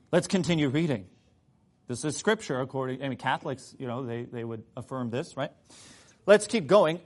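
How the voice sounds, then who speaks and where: A man's voice: medium pitch, lively intonation, a little fast. A man preaching a sermon, sarcastic at times, reading a passage in a mock-British voice.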